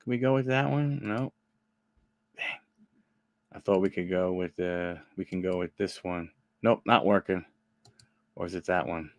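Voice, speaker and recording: A man's voice: deep voice, unhurried, pauses often, no room sound. A man hosting a live card-opening stream, chatting with viewers by name and reading off player names as he flips through cards. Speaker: card break host.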